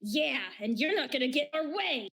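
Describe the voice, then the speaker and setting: A woman's voice: sits high, lively intonation, normal speed, creaky, a bit bright, voice pushed up, heavily acted. A woman voicing a dim-witted, forgetful male electric villain in a tabletop game, blustery and indignant. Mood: flustered.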